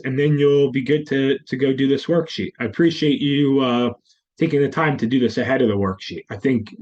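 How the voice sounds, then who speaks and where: A man's voice: mid-range voice, a little mellow, dull audio. A male test prep teacher explaining grammar questions in a recorded lesson, repeating key terms as he goes. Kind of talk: screen-recorded lesson walkthrough.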